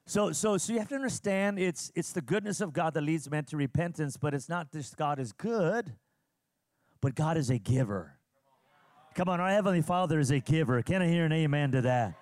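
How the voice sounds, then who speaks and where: A pastor from California preaching a sermon, animated, teasing the congregation and calling on them for responses. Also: male voice, a little high, moderate pace, long pauses, no room sound, clean studio sound. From California, USA. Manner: animated preacher who teases and calls on the congregation.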